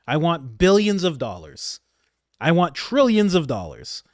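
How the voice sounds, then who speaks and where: A man voicing a pushy older male politician who demands money in a loud, bossy way. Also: a little high, wildly swooping pitch, unhurried, no echo, clean studio sound, voice pushed up. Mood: demanding.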